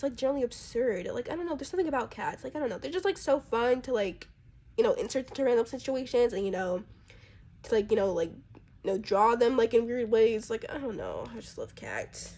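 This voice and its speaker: Chatty, husky-voiced young woman. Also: fairly high pitch, animated, fairly quick, a little mellow. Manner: rambling, chatty, full of fillers. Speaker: artist presenting her characters. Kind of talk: casual chat.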